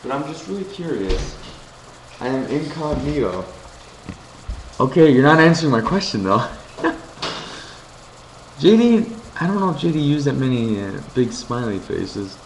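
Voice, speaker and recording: A young man streams from his home kitchen, tossing out crude jokes and wandering from one thought to the next. The webcam sound is roomy, with a steady layer of crickets and insects behind him. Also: medium pitch, a little slow, long pauses. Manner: joking, crude, easily distracted. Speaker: webcam streamer chatting with viewers. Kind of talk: casual rambling live chat. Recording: roomy home room with noisy background.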